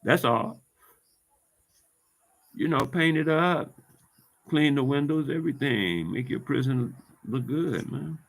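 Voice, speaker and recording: A man's voice: mid-range voice, animated, takes it slowly, vocal fry, pauses often. A man delivering a heated, profane monologue as a vlogger, circling back over the same points in loose street talk. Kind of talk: ranting monologue to camera.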